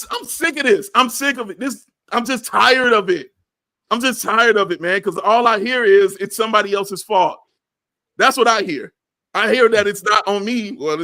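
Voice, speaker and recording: A man with a very high, bright voice rants on a sports talk show. He sounds fired up and keeps hammering the same phrases over and over. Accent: Chicago. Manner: animated, ranting, repeats phrases for emphasis. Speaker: sports podcast co-host.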